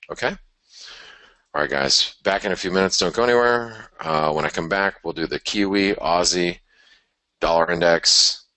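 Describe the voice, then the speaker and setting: Male webinar host, very deep and forceful, chatty and blunt, dry close mic. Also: no room sound. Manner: chatty, blunt, mutters to himself while working. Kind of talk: casual live market commentary.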